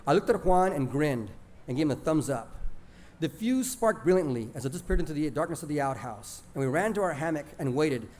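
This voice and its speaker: Male author, live reading, expressive storyteller, slightly higher voice. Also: fairly quick. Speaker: author reading his stories.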